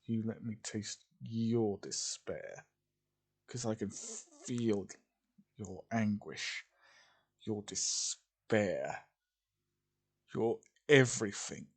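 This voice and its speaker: A brash young fire mage taunts his foe in a low, drawn-out voice, as a man reads him aloud. The delivery is unhurried and level, close to a plain reading voice. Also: lively intonation, husky, full character voice. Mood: taunting.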